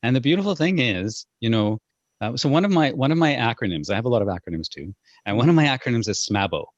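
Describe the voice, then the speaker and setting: A man's voice: medium pitch, fast talker, no room sound. A man working as a parenting coach, talking earnestly in an interview and acting out his own inner voice as he tells stories. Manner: earnest, animated storytelling with acted-out inner voice. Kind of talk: conversational interview. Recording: dull lo-fi dry sound.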